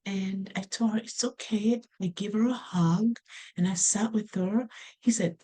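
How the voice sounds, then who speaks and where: With a steady, dark, mid-range voice, a middle-aged woman delivers a relaxed motivational talk. She's unhurried and earnest, telling stories and frequently starting over mid-thought.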